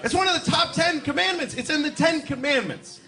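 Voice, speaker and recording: A man doing a stand-up routine on a club stage, acting out characters with sudden shouted bursts. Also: very high voice, brisk, noisy background. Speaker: stand-up comedian. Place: comedy club stage before a laughing audience. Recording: live club recording with crowd laughter.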